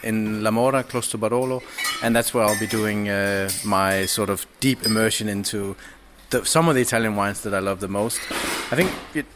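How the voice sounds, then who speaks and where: A man, a podcast guest chatting casually and haltingly, with many restarts and fillers. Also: on the low side, noisy background. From Denmark. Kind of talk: casual chat. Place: indoors, over drinks.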